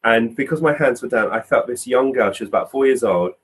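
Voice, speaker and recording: A man, a physical medium and podcast guest, telling a personal story in a casual, animated way. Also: medium pitch, brisk, slight background noise, rough recording. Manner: animated storyteller acting out quoted voices.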